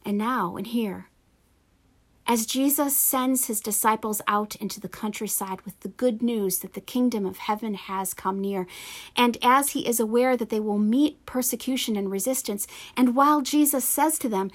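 A woman's voice: on the high side, fairly even intonation. Woman pastor preaching a sermon. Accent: Pennsylvania. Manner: measured, earnest preaching.

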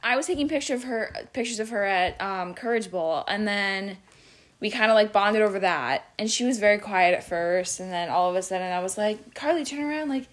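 A woman's voice: mid-range voice, a little fast. Bubbly young woman host. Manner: bubbly, slangy, laughs often. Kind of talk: casual chat.

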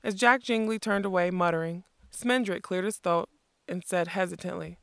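Storybook narrator, gravelly voice, steady measured reading, dry close sound. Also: medium pitch, dry recording. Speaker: audiobook narrator.

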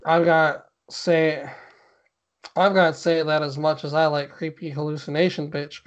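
A man's voice: fairly high pitch, level tone, measured pace. A man co-hosting a podcast, reading a spooky story aloud with mock drama and stopping now and then to laugh and chat. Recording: dull lo-fi podcast audio.

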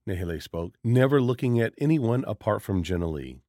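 A man's voice: on the low side, brisk, hardly any pauses, dry recording. Man narrating a horror story, dry close sound. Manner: steady, dramatic storytelling.

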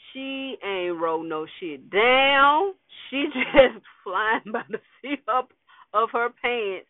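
A man's voice: a little high, no echo. A man casually recapping a TV episode, slangy, laid-back and wry, with lots of fillers and asides. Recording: dry tinny phone-like audio.

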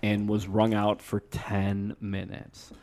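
Young male podcast co-host, low and gravelly, blunt profane storyteller. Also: completely flat delivery, slow, darkish tone. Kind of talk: casual podcast chat.

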